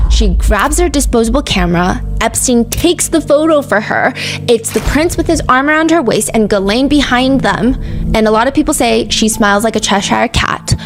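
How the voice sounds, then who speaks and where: A woman's voice: on the high side, expressive, moderate pace, faint music behind. Chatty woman hosting a crime podcast. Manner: chatty, with fillers and side remarks. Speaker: podcast host. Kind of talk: casual true-crime storytelling.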